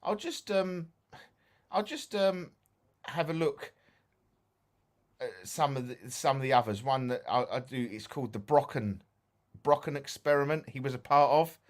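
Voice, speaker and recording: A man with an Essex accent co-hosts a ghost-hunting talk show, chatting casually while sleepy and yawning, stumbling as he reads his notes aloud. His voice is medium-pitched, at a moderate pace with long pauses.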